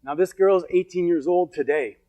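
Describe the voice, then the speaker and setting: A middle-aged man speaks to a live audience as a motivational speaker, his voice sitting a little high for a man. He tells personal stories with emphatic, repeated phrases, and soft music plays faintly under him. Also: moderate pace. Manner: storytelling, emphatic, repetitive. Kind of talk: motivational seminar talk. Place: event hall with an audience.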